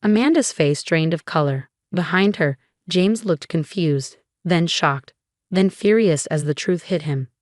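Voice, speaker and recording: A woman reading a scripted first-person story in an even, measured way. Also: fairly low pitch, no echo, studio quality.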